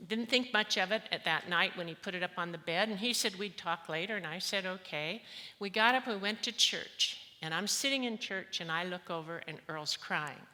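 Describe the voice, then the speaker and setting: A woman's voice: on the low side, sharp tone. A middle-aged woman giving a candid, emotional personal testimony as a conference speaker. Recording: long hall reverb.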